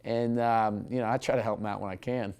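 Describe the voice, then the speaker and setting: A man's voice: lowish voice, steady tone, darkish tone, clear, resonant tone. A male comedian telling a story in an interview, chatty and self-mocking. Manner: quick, chatty, self-mocking, many likes.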